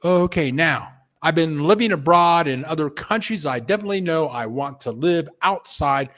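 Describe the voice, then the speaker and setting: An older vlogger chats casually on a live stream in a somewhat bright voice on the high side, at a moderate pace. He tells stories, reads viewer comments aloud, and chuckles along the way.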